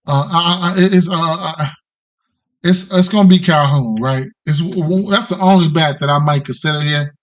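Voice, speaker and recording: A man with a slightly higher voice hosting a sports betting podcast. He talks casually through his picks in loose street slang, repeating phrases and tossing in "right?" as he goes. The delivery is relaxed and off the cuff. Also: normal speed.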